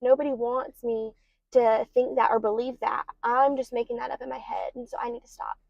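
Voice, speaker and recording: Young woman with a gravelly, higher voice. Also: flat delivery, fairly quick, darkish tone, no room sound. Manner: candid, rambling, many ums and likes. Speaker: podcast host. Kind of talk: personal confessional podcast talk. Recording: slightly dull lo-fi recording.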